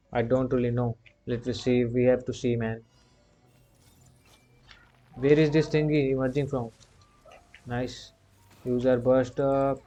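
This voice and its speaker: Flat-voiced young man muttering gameplay commands. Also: medium pitch. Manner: muttered repetitive commands to himself; frustrated grumbling at the game. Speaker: gaming channel host. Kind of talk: live gameplay commentary. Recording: dull lo-fi recording.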